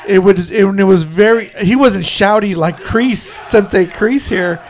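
A man's voice: sits high, measured pace. A middle-aged man chatting casually while watching a film, telling stories and laughing often. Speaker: co-host reacting to a film. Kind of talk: casual watch-along chat.

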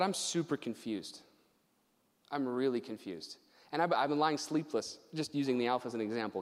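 A young man preaching as a youth pastor, conversational and animated, laughing and acting out asides. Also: medium pitch. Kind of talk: sermon. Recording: long hall reverb.

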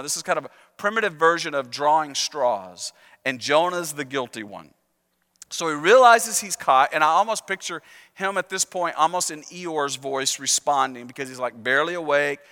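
Bright, high-voiced preacher in a reverberant church. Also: male voice. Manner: conversational, self-deprecating storytelling; urges the congregation to repeat phrases. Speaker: pastor. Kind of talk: sermon. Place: church sanctuary.

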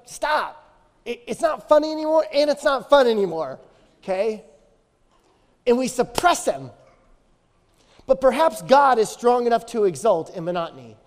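A man's voice: very high-pitched, a little mellow, long reverb tail. A man in his thirties preaching a sermon as pastor, telling stories with energy and repeating phrases for emphasis.

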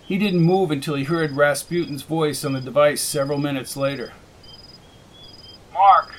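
A man narrating a science fiction audiobook with steady, measured storytelling. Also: a little high, slight background noise, poor audio. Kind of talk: scripted narration.

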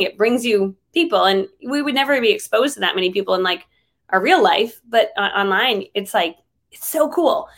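A chatty woman with a fairly high voice talks as a guest in a relaxed interview. She fills her speech with easygoing fillers and quick laughs. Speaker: interview guest, online trainer. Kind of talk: casual conversational interview.

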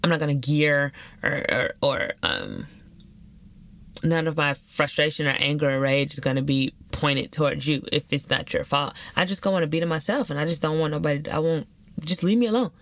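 A woman's voice: deep voice, expressive, normal speed, fairly bright tone, dry recording. A young woman hosting a podcast, talking candidly and animatedly in slangy casual chat. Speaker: podcast host.

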